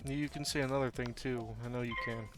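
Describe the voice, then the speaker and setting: A man's voice: mid-range voice, steady tone, brisk, music in the background. A man chatting casually while playing a game with a friend, tripping over his words. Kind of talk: casual gaming chat.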